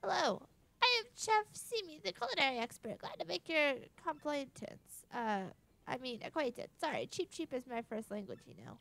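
A woman's voice: sits high, expressive, normal speed, creaky, a bit bright, voice pushed up, heavily acted. A woman voicing a fussy, melodramatic fish chef who mangles his words. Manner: theatrical, overwrought.

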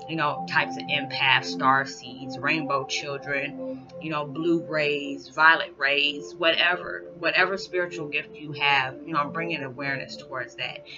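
Woman, 40s, casual rambling vlog talk, lo-fi sound. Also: deep voice. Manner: rambling, conversational, many "you know" fillers; animated, rising loud when acting out reactions. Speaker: spiritual vlogger. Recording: dull lo-fi audio with background music.

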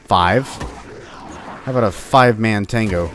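A man's voice: fairly low pitch, slow, fairly bright tone, a little hiss or hum. A man playing through a game with casual commentary, teasing and taunting the enemies in a playful, joking way. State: sore upper back. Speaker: let's-play host.

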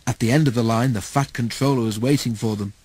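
A man narrating a children's storybook in a steady, measured way. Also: medium pitch, breathy edge, low-quality recording. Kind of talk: storybook read-aloud.

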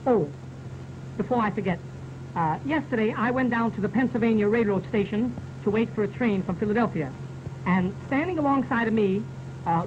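A vaudeville comedian telling jokes in a stage monologue, with hesitant asides between the punchlines. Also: male voice, high voice, background noise. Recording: muffled 1920s sound-film recording with music.

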